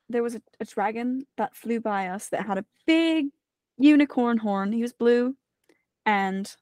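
A woman's voice: on the high side, darkish tone, no echo. A woman player speaking in character with a playful put-on accent. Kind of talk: in-character role-play.

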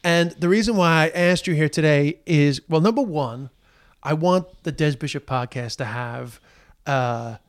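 A man's voice: a little high, unhurried. Rambling man hosting a podcast. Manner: loose and rambling, lots of fillers. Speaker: podcast host. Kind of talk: casual podcast chat.

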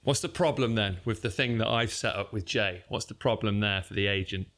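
A man's voice: lowish voice, brisk. A man, co-hosting a podcast and telling stories in casual chat, acting out the voices of people in them. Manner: animated storyteller, puts on voices in quotes. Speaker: podcast co-host.

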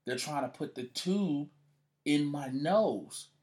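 Speaking slowly in a higher-pitched voice, a male guest tells a story in casual conversation. He swears freely and gets animated, performing the voices of the people he quotes.

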